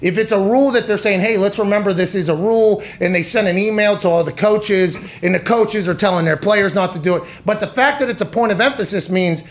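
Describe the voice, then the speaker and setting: Man, sports talk host, high voice, sarcastic, profane, ranting. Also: fairly quick, hardly any pauses. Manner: sarcastic, profane, building rants; switches into mocking voices. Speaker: podcast host. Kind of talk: sports talk show rant.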